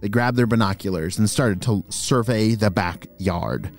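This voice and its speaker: A man's voice: on the low side, measured pace, soft background music. A man hosting and narrating children's stories in an enthusiastic, playful way. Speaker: children's storyteller and host. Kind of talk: animated story narration for kids.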